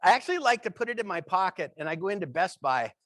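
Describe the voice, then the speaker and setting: A man giving a humorous keynote talk, telling anecdotes with an animated, playful delivery. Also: high-pitched, fast talker, dry recording. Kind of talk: comic keynote storytelling.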